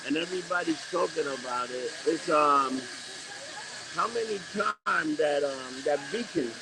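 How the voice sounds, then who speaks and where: A man co-hosting a podcast in casual chat, reacting with excited exclamations. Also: a little high, normal speed, gravelly, noisy background. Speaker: podcast co-host.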